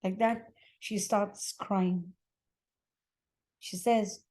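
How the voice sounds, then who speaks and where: A woman teaching a sacred epic, reciting verses and then translating and explaining them slowly with pauses and restarts. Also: a little high, a little mellow. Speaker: scripture teacher.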